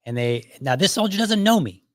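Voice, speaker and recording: A man's voice: high-pitched, sing-song, brisk, fairly bright tone, no echo. A middle-aged man hosting his own show, telling a casual story in a loose, conversational way and chuckling often as he goes. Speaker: podcast host.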